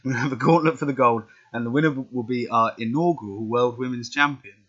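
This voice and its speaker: A man's voice: medium pitch, quick pace, a bit bright, natural voice. A man reading out the lines of a brash male wrestling authority figure, announcing in a plain voice. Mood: commanding. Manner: read aloud plainly, announcing. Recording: dull lo-fi recording.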